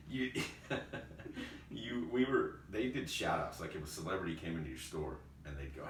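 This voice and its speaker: A man hosting a podcast, telling old work stories in a casual, animated way, laughing often and calling his friend dude and bro. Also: low voice, moderate pace. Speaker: podcast host. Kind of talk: casual storytelling chat. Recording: roomy echo, distant mic, faint noise.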